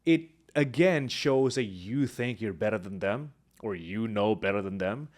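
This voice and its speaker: A man teaching public speaking, talking to camera with lively swings between high energy and quiet, hushed moments. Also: normal speed. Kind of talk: instructional talk to camera.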